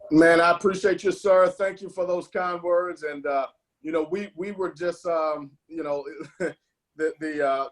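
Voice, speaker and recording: A man leading a team video call, rambling with many fillers and restarts, and turning fervent and emotional. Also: fairly high pitch. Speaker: team leader hosting a call. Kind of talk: motivational call talk.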